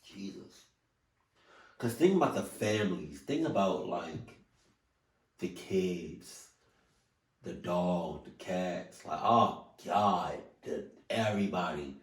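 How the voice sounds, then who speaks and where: There's a roomy echo because the speaker is set well back from the microphone. He's a man hosting a reaction video, low-pitched and animated yet slow-paced, emotional, swearing often, and given to sudden loud outbursts.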